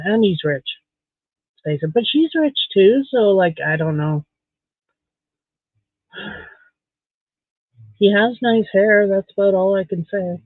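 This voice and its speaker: A man's voice: high-pitched, no room sound. A man from Canada chatting casually on a livestream while beading, giving blunt, candid opinions. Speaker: livestream host. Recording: tinny phone-like dry sound.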